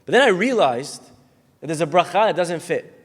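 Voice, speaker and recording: A rabbi preaching to his listeners in a lecture hall, with long reverb trailing after each phrase. His voice sits fairly high for a man. He tells his story animatedly, acting out each of its characters. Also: expressive, normal speed, breathy edge. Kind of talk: sermon with storytelling.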